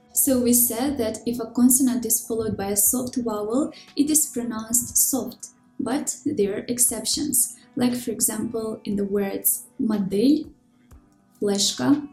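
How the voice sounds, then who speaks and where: A woman giving scripted, clear and measured pronunciation lessons, slowing down to demonstrate sounds. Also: fairly high pitch, warm tone. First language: Russian. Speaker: language teacher. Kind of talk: scripted instructional narration. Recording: roomy echo with faint background music.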